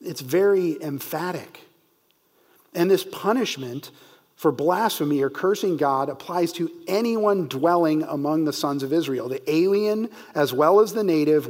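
A man teaching verse by verse through a Bible passage, reading scripture slowly and stressing key words for emphasis. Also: on the high side, a little mellow.

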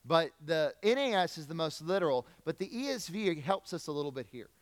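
A man's voice: on the high side, lively intonation, fairly quick, long reverb tail. A man preaching a conversational sermon, talking directly to the congregation and asking them questions. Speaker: pastor. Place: church sanctuary.

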